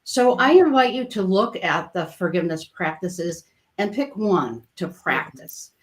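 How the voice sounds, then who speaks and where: A woman coach hosting a casual online chat, speaking gently and reflectively. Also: on the low side, expressive, unhurried. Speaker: coach and host.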